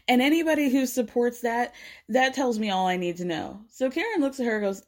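A woman giving a casual, opinionated recap of a reality TV episode, animated as she retells the drama. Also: on the high side, normal speed, pauses often. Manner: opinionated, animated retelling with frequent laughs and sighs.

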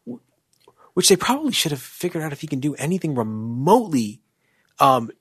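Dude on a movie podcast, kinda fed up, keeps restarting sentences, dry mic. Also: male voice, a little high, very animated, fairly quick, husky, dry recording. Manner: wry, exasperated, stammering restarts. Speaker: podcast co-host. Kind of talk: casual movie review chat.

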